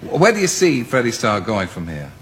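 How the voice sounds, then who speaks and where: A man's voice: lowish voice, wildly swooping pitch, moderate pace. A man hosting a television talk show, asking his guest questions in a teasing but earnest way. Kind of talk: television interview. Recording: loud studio audience and loud noise.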